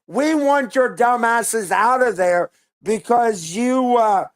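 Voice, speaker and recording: A woman's voice: fairly high pitch, slow. A woman hosting a reaction video, talking in a blunt, rambling, slangy way. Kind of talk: casual reaction commentary.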